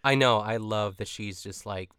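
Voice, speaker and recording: A man's voice: on the low side, normal speed, sharp tone, clear, resonant tone, dry recording, studio quality. A young man co-hosting a podcast, recapping an episode in casual, chatty talk full of fillers and quoted lines. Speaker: podcast co-host.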